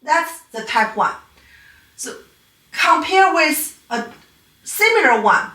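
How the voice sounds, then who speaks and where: A woman's voice: sits high, sing-song, takes it slowly, pushed and bright, far from the mic. A female piano teacher whose first language is Chinese, giving a patient, explanatory online lecture on playing technique. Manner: patient, explanatory, non-native phrasing. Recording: echoey room, voice a bit off-mic.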